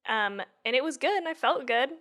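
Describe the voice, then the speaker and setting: A woman's voice: high voice, animated, fairly quick, a bit bright. A woman co-hosting a podcast, chatting casually and laughing often, sometimes unsure how to say names. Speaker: podcast co-host. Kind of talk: casual chat.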